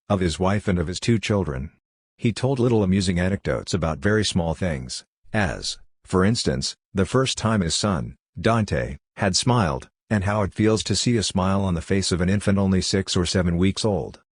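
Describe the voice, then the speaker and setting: A man narrating an audiobook in a measured, even reading style. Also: low voice, husky, no room sound, clean studio sound. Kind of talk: scripted narration.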